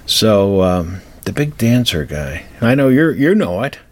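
A man's voice: on the low side, sing-song, unhurried, darkish tone. A man in his seventies from Colorado, telling rambling anecdotes in a casual way as a radio host, with many fillers and restarts. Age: 70s. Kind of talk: casual storytelling.

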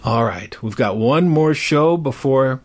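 An older man hosts a show and tells a story in a rambling, chatty, self-deprecating way. His voice is medium in pitch, expressive and unhurried.

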